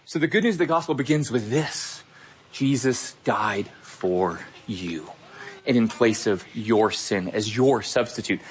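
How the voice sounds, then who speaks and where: A man's voice: mid-range voice, moderate pace, hardly any pauses, a little hiss or hum. A young adult man preaching a sermon as pastor, earnest and emphatic, speaking straight to his listeners.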